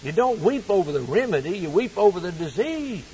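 A man preaching a sermon, swinging from loud, rising appeals to hushed, low passages. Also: big pitch swings, fairly quick, a little hiss or hum, low-quality recording.

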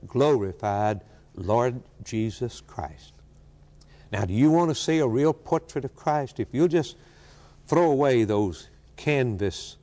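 A man's voice: medium pitch, darkish tone. A man preaching a sermon, fervent and emphatic, repeating phrases for effect. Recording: long hall reverb.

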